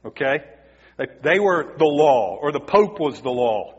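A man's voice: fairly high pitch, sing-song, a little slow, slightly rough. A man preaching a sermon, emphatic and asking the congregation rhetorical questions. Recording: dull, muffled recording in a reverberant hall.

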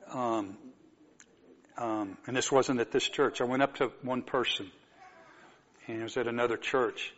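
Man, preacher, sermon, storytelling, medium pitch, muffled lo-fi sound. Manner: storytelling, swings from soft asides to emphatic exclamations.

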